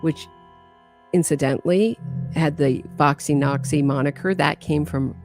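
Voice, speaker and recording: A woman with a very low voice and a gravelly, fry-laden edge talks in a measured, pointed way. Faint music sits behind her. She sounds like she is making a careful case. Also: a little mellow. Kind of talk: critical commentary on a case.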